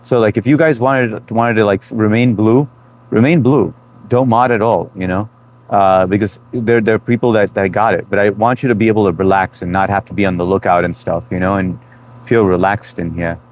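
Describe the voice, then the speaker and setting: A man's voice: fairly low pitch, steady tone, brisk. A man in his thirties hosting a live stream, chatting loosely and greeting viewers by name. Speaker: livestream host reading chat. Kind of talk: casual live chat.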